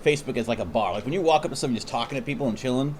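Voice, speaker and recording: A man's voice: mid-range voice, racing, noisy background. An American man co-hosting a casual podcast, talking in a laid-back, profane way. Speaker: podcast co-host and musician. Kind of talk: casual chat.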